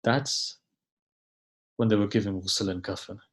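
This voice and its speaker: A man giving a mournful sermon, recounting a tragedy in slow, grieving storytelling with dramatic pauses, sometimes dropping almost to a hush. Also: fairly low pitch, fairly even intonation. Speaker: preacher. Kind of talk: mournful majlis sermon narration.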